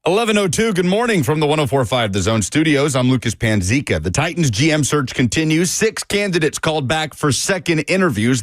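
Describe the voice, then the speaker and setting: A man reading a scripted sports news update on the radio, with a brisk, even newsreader delivery from a studio microphone. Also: fairly high pitch, no room sound.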